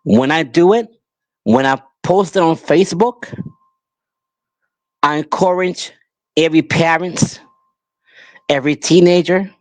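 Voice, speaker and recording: Male podcast host, angry emphatic monologue, unhurried pleading delivery, dry close sound. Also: on the high side, no room sound. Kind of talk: impassioned monologue.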